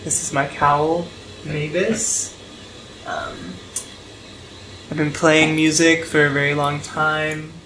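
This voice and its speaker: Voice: medium pitch, little pitch movement, takes it slowly, pauses often, fairly bright tone, slight background noise, rough recording. A tabletop player voicing an ambitious male bard who introduces himself to a crowd like a stage announcer, with hesitant ums. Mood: showman.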